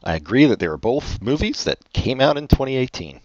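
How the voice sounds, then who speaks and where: A man co-hosting a casual podcast chat, sarcastic and teasing, often trailing off quietly. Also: mid-range voice, sing-song, a little fast, dry recording. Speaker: podcast co-host. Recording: dull lo-fi audio.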